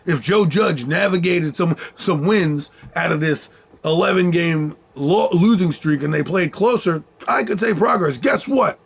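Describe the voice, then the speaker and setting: A man's voice: on the high side, measured pace, gravelly, slightly rough. Fired-up man ranting about football. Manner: heated, sarcastic, mocking, repeats points for emphasis. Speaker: sports commentator. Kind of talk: fired-up sports rant.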